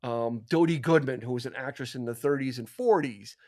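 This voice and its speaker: A man co-hosting a podcast chats casually about an old film, restarting often and using lots of fillers. His mid-range voice is a little fast and slightly mellow, with clean studio sound and no room sound.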